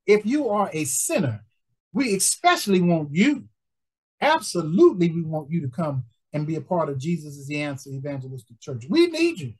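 High-voiced pleading male pastor. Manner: pleading, repeats phrases with frequent "amen" and "praise God". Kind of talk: preaching appeal for support.

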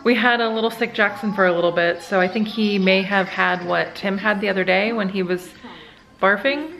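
A woman's voice: medium pitch, normal speed, vocal fry, a bit bright, rough recording. A woman in her thirties chatting casually to camera at home as a vlog host, rambling with lots of filler words. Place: family home at dinner time.

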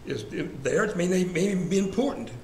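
A man's voice: sits high, lively intonation, brisk. A man leading a church Bible study class in a conversational way, asking the group questions and repeating verse references. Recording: echoey room, faint ambient hiss.

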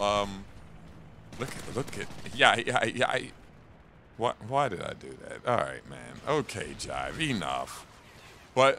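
A young man chatting casually and profanely while playing a video game, rambling and animated. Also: mid-range voice, a little hiss or hum. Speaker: gaming streamer. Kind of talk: casual gameplay commentary.

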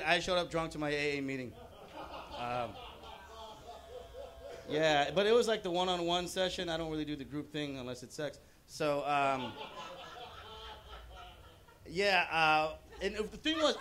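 A man's voice: on the high side, a bit bright. Chatty male stand-up comic. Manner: loose, chatty delivery with frequent fillers. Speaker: stand-up comedian. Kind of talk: stand-up comedy set. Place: comedy showcase at a bowling alley.

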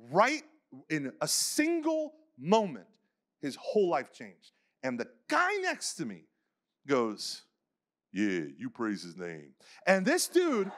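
A man's voice: high-pitched, a bit bright. A man giving a faith conference talk, telling stories casually with many "like" fillers and acting out the people he quotes. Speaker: conference speaker.

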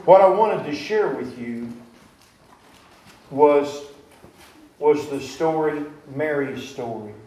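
Male preacher with a higher-pitched voice, heard from far off in a reverberant church, quizzing his flock. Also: slow pace, pauses often, dark tone, slight background noise. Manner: questions the congregation directly; retells scripture in plain, folksy words. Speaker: pastor. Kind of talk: sermon. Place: church sanctuary. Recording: echoey church recording from afar.

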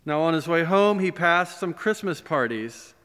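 A man, a pastor, telling a story during a sermon in a gentle, animated way, recorded in a church. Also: a little high, moderate pace, slight background noise. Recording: long church reverb.

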